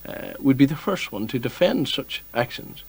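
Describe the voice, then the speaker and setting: A man's voice: medium pitch, animated, normal speed, husky, no room sound. A man putting on a prim, hesitant former male police chief who speaks very properly. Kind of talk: comic sketch impression.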